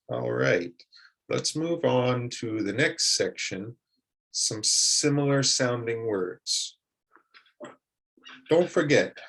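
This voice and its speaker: A man teaching English pronunciation, modeling words slowly and asking learners to repeat them. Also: mid-range voice, creaky, a bit bright.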